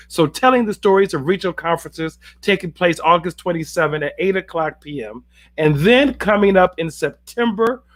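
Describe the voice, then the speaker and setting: A middle-aged man moderating a church panel, announcing upcoming forums briskly and repeating key phrases for emphasis. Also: high voice, a bit bright. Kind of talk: announcing upcoming events to an online audience.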